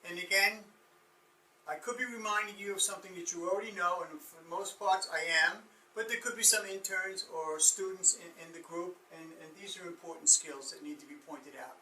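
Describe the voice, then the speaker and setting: A man with a high, very bright voice gives an informal training lecture. He talks conversationally, works through examples and often restarts his sentences. He sounds far from the mic, in an echoey room. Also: brisk, slight background noise.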